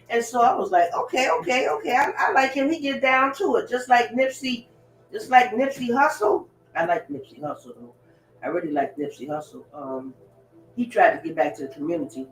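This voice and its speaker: A woman's voice: mid-range voice, animated, moderate pace, recorded from a distance, faint music behind. A woman hosting a livestream, rambling bluntly through stories with loose profanity while cleaning in her kitchen. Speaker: livestream host. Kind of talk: rambling casual monologue. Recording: roomy, off-mic with kitchen clatter.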